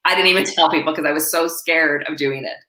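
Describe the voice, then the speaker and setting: A woman coach and author telling animated stories in an interview, often laughing and quoting others. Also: sits low, fast, roomy sound. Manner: laughing, animated anecdotes with acted quotes. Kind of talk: storytelling in a live interview.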